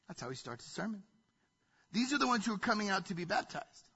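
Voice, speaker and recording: Bright, high-voiced male preacher. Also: big pitch swings, fast, creaky, husky, highs cut off. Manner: emphatic, conversational preaching with sudden drops to a hush. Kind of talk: sermon.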